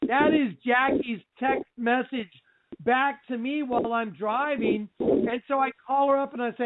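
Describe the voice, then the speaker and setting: A middle-aged man hosting a religious radio show, telling a story in an animated way, often breaking into shouts and laughs. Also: very high voice, normal speed. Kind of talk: excited religious radio talk. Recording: tinny phone-like line with faint noise.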